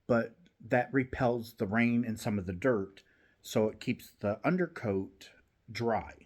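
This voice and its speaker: A man's voice: medium pitch, unhurried, darkish tone. A man hosting a knitting channel, chatting casually from home while he knits, rambling with many restarts.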